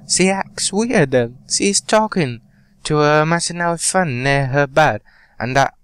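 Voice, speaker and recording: A man reading aloud as a sad young schoolgirl writing her diary, in a soft, halting voice. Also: a little high, slight background noise, pitched above the performer's own voice, rough recording. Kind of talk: reading a game note aloud.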